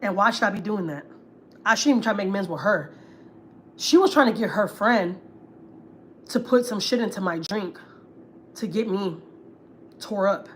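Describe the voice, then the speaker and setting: Houston woman ranting on a livestream, swears a lot, repeats herself for emphasis, middle pitch. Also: lively intonation, moderate pace, pauses often, a little hiss or hum. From Houston, Texas. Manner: blunt, profane, emphatic repetition. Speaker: family vlogger host. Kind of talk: casual livestream rant.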